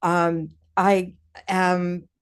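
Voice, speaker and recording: A woman's voice: fairly low pitch, little pitch movement, extremely slow, clean tone. A woman hosting an online meeting, enthusiastic, thanking people and inviting them to speak. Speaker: meeting host. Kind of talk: casual online meeting talk. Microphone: video call.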